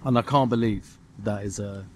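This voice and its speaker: A young man, telling a story in casual podcast chat, animated and swearing, acting out what others said. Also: on the low side, moderate pace, a little hiss or hum. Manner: animated, swearing, mimics others in his stories. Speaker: podcast co-host.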